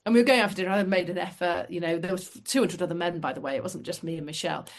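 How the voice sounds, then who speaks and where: A middle-aged woman from the United Kingdom, a podcast guest telling lively anecdotes with self-deprecating asides. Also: on the low side, racing. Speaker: guest, former fast jet pilot. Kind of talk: casual storytelling.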